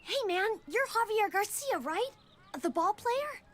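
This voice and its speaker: A woman's voice: extremely high pitch, animated, unhurried, crowd noise. A woman voicing an eager, starstruck young fan asking for an autograph in a story game. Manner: eager, gushing. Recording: game audio with score. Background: game music.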